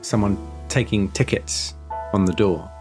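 A man's voice: on the low side, a little slow, over music. A man running a tabletop game, describing scenes and groping for words, swearing casually. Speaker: game master.

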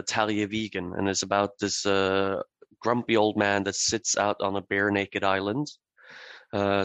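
A man's voice: on the low side, a bit bright, smooth, no room sound, highs cut off. A man from Norway with a Norwegian accent, a native Norwegian speaker, answering interview questions hesitantly with many "uh" fillers. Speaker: brewery representative, guest.

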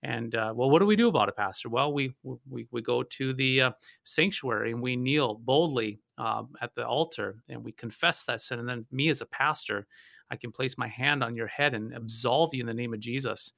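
A male pastor from North Dakota talks through a theological discussion, telling stories in an animated way with frequent restarts. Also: medium pitch, normal speed, creaky, no room sound, studio quality.

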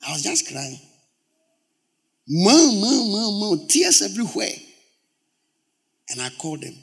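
Animated high-voiced male pastor preaching. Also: a little slow. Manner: swings from loud exclamations to low, quiet storytelling; repeats words for emphasis. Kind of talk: sermon.

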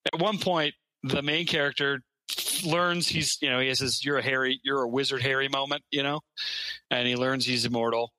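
A man with a very bright, dry close-miked voice chats on a podcast. He tells a rambling movie story in a casual, laughing way, with lots of fillers. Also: medium pitch, no echo, poor audio. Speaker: podcast co-host. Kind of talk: casual chat.

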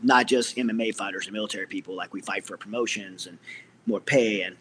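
A man's voice: on the low side, steady tone, quick pace, fairly bright tone, slight background noise. A middle-aged man, a military veteran, earnestly telling his personal story as an interview guest, with many restarts.

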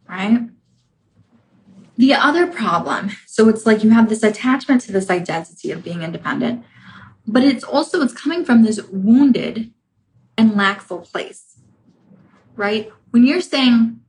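A woman's voice: mid-range voice, normal speed, slight background noise, rough recording. A woman hosting a show as a relationship coach, talking in a casual coaching monologue. She keeps checking in with her listener and acts out inner voices as she goes. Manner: conversational, often checks in with "right?" and "okay?". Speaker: relationship coach and podcast host.

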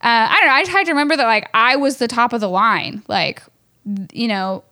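Woman, gym owner, relaxed conversational storyteller, a little high-pitched, lots of "like". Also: brisk. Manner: chatty, fills speech with "like"; laughs while telling stories.

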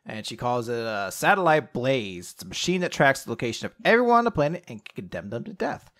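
A young man co-hosting a podcast, casually recapping an anime, animated, swearing and acting out quotes. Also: mid-range voice, fast. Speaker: podcast co-host.

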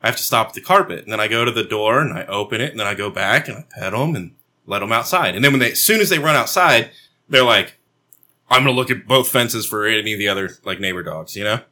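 A man in casual chat, telling an animated story full of swearing and acted-out voices. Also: lowish voice, fast. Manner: animated storyteller, mimics dogs and himself yelling, swears a lot.

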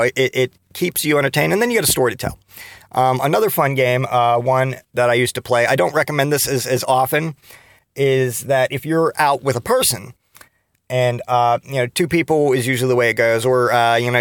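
A man in his thirties, a podcast host, tells stories in a rambling, profane solo monologue and jumps up in pitch to act out other people's reactions. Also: a bit bright, no room sound, studio quality. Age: 30s. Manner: rambling and profane, acting out quoted reactions in a higher voice.

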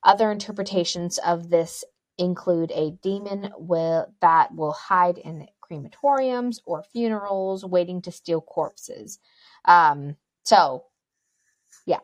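Speaking slowly in a lowish voice on a dry recording, this co-host spins a spooky tale between jokes and reads from an old news article. She keeps it chatty, tossing in frequent ums and joking asides.

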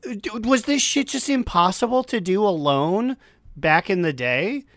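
A man's voice: high-pitched, expressive, unhurried, a bit bright, dry recording. A man chatting casually about a video game, joking and teasing his friends. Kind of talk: casual gaming chat.

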